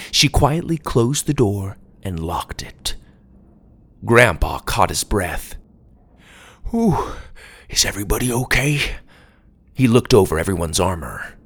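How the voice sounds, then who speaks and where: A man narrating a children's adventure story aloud, reading expressively. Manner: expressive read-aloud with lively pitch.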